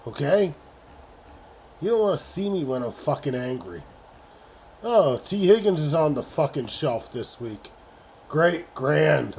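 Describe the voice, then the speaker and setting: A man hosting a casual sports livestream, bantering with his chat in a profane, exasperated way. His voice sits a little higher than most men's. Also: very animated, a little slow, vocal fry, long pauses, a little mellow, a little hiss or hum. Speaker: livestream host.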